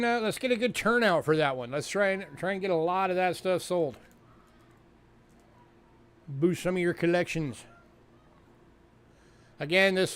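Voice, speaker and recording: A man's voice: sits high, clear, resonant tone. A man from New York hosting a coin sale livestream, talking casually with fillers and repeated words. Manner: chatty, fillers, repeats himself. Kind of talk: casual livestream sales talk.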